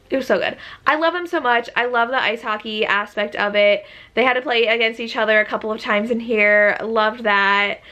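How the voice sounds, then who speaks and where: A young woman talks in a loose, chatty vlog style, full of enthusiasm and filler words. Her voice sits a little high and sounds clear and bright. She gushes freely, as if talking to friends. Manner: gushing, enthusiastic, chatty with many "like"s. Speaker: book vlogger. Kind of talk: casual reading vlog chat.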